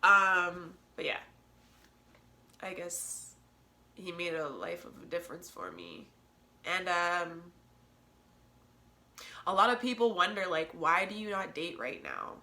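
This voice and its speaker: A woman's voice: on the low side, lively intonation, slow pace, long pauses, pushed and bright. A young woman hosting a solo podcast, talking candidly and emotionally, laughing often and lecturing her listeners. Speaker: podcast host.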